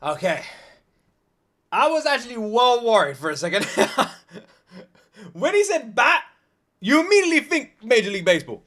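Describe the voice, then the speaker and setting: Excitable British guy reacting, lively voice. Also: very high voice, moderate pace, pauses often. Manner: excitable, joking, laughs a lot. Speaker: reaction video host. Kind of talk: casual reaction commentary.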